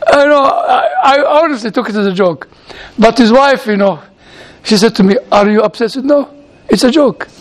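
A lecturer and chaplain tells humorous anecdotes in a chatty storytelling talk, acting out the dialogue he quotes. He has a high voice and a brisk pace.

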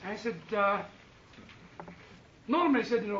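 A man's voice: high-pitched, normal speed, noisy background. A man telling an anecdote to a listening audience, often chuckling and restarting his sentences, recorded from a distance in a roomy space. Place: room with an audience. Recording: roomy, distant, dull sound.

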